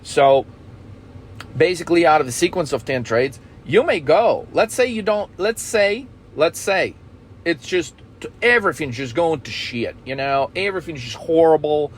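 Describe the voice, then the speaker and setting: A man's voice: a little high, expressive, moderate pace, slight background noise. A man coaching traders in a blunt, profane talk, often checking in with "okay?". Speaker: trading coach.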